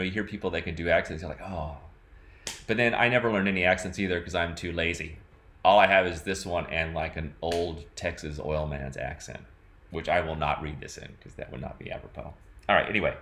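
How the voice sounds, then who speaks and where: Man, very low voice, loose rambling vlog musings, lots of verbal filler. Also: fairly bright tone. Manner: rambling, full of "like" and "you know". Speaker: vlogger. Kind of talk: casual reflective talk to camera.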